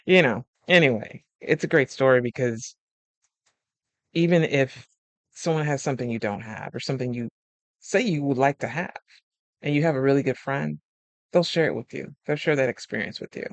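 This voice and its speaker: Animated guy telling friend stories, laughs a lot, dry close sound. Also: mid-range voice, normal speed, creaky, dry recording. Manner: animated storyteller acting out quoted friends; chatty, laughs often. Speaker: life coach. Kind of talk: casual advice monologue.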